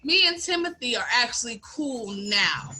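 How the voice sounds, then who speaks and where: A woman's voice: fairly high pitch, moderate pace, soft background music. A young woman with a Philadelphia accent telling a workplace story on a casual podcast, candidly acting out what everyone said. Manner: animated, candid storyteller, acts out quotes. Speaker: podcast co-host, bartender.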